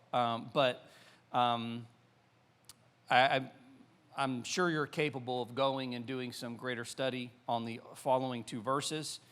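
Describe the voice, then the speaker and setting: A man's voice: medium pitch, a bit bright. A man in his forties with a Southern American accent, a pastor preaching a sermon in a loose, conversational way full of fillers and restarts.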